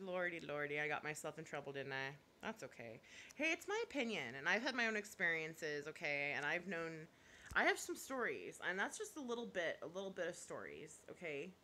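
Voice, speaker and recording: A YouTuber chats live with viewers while reading their comments, her bright, forceful voice swinging widely in pitch at a moderate pace. She's blunt and opinionated, laughs often, and offers half-joking apologies when she thinks she's gone too far. A little hiss or hum is audible.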